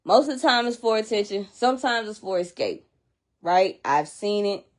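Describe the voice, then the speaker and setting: A woman's voice: medium pitch, lively intonation, moderate pace. A woman casually explaining to viewers why children act out, talking chattily and emphatically and checking in with her listeners as she goes. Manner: chatty and emphatic, repeats and restarts while explaining; addresses listeners directly, checking in with "okay?" and "you know what I'm saying?". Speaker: child behavior educator.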